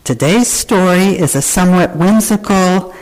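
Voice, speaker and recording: A worship leader reading a children's story to a congregation in a gentle, halting manner, with fillers. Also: medium pitch, rough recording.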